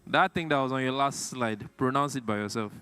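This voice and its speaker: A man's voice: medium pitch, fairly quick, bright, forceful tone, clear, resonant tone, soft background music. A man, emceeing a live industry event in a playful, teasing way. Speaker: event master of ceremonies.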